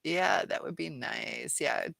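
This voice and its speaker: A woman with a low, gravelly voice hosts a relaxed live chat. She reads viewer comments aloud, trails off now and then and laughs easily. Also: takes it slowly, no room sound. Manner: chatty, laughs often, trails off while reading comments.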